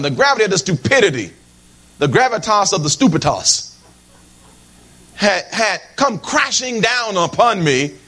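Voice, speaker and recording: A middle-aged man preaching with a fairly high voice that keeps swinging up and down. He jokes with the congregation and talks to them directly, stumbling over and repeating words as he builds his point. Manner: animated and humorous, with frequent asides to the congregation; repeats words and restarts phrases while preaching. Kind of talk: sermon.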